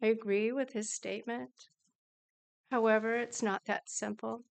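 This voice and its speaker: A woman giving a prepared public comment at a meeting, measured and earnest. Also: fairly high pitch, fairly even intonation, creaky. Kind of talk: prepared statement at a council meeting.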